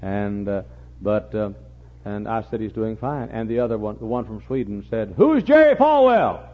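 An older man preaching a sermon, repeating his phrases and building to impassioned, near-shouting peaks. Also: on the low side, level tone, moderate pace. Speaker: pastor. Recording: muffled lo-fi recording.

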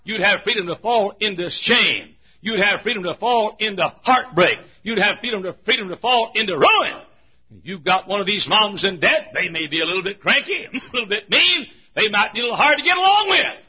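Husky high-voiced preacher, shouting and hushing. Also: male voice, expressive, fairly quick. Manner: emphatic preaching, swinging between shouts and hushed asides. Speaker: pastor. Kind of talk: sermon. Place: church. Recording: dull lo-fi recording.

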